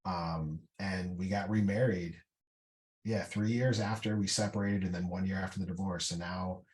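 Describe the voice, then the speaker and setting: A man's voice: low-pitched, steady tone, normal speed, darkish tone, a little hiss or hum. A middle-aged man, a veteran guest on a podcast, telling his story in a candid, casual way with many fillers and restarts. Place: indoor podcast room.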